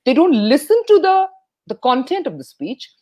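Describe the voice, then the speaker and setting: A woman talks as a guest about public speaking. Her pitch swings widely, high then low, as she plays up rhythm and pauses. She speaks like a trained radio voice. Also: very animated, a little mellow. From India. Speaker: guest, speech coach and radio jockey. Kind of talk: enthusiastic interview talk.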